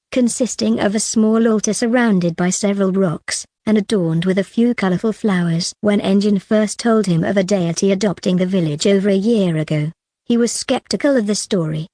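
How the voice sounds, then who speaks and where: A woman reading fantasy narration for an audiobook in an even, steady manner. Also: medium pitch, dry recording, studio quality.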